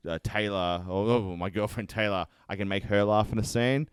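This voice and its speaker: A man who performs improv comedy, chatting casually on a podcast, animated and swearing freely. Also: fairly low pitch, moderate pace, clean tone, no room sound. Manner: animated, swears freely, acts out quoted voices.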